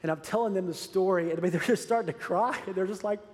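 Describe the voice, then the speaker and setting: A man's voice: high voice, fast talker, darkish tone. A man preaching a sermon as pastor, earnest and urging, repeating phrases for emphasis. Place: church sanctuary. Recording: long reverb of a large hall.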